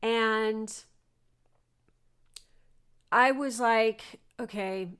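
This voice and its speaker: A woman's voice: on the high side, very slow, fairly bright tone, smooth. A woman from Southern California, telling a personal story to her podcast listeners in a rambling, chatty way full of fillers and the odd swear word. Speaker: podcast host. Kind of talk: casual storytelling monologue.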